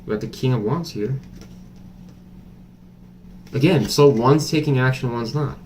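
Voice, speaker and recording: A man's voice: mid-range voice, measured pace, background noise. A man doing a casual tarot reading to camera, chatty and blunt, thinking aloud with many fillers. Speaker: tarot reader.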